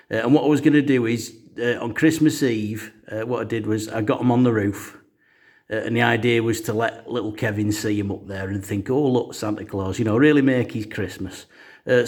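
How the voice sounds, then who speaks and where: A man telling a comic story in a casual, rambling way, full of "uh" fillers. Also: on the low side. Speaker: storyteller host.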